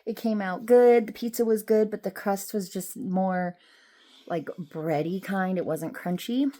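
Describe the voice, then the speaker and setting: A woman's voice: medium pitch, a little slow, mellow. A woman vlogger and rideshare driver talking in a chatty, rambling, emotional and upbeat way. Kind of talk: casual vlog chat.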